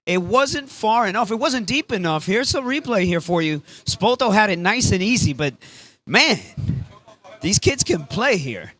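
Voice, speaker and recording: Excitable commentator, man. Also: sits high, moderate pace, hardly any pauses. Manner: casual, excitable, mixes in Spanish phrases. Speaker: sports commentator. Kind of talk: live play-by-play commentary.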